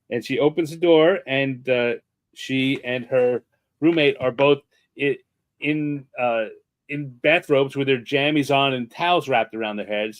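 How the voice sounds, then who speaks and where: A man's voice: medium pitch, a little slow. A man telling a long personal story in a casual talk, acting out what people said. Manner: animated, acts out quotes. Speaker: guest artist and podcaster. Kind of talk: anecdotal storytelling in conversation.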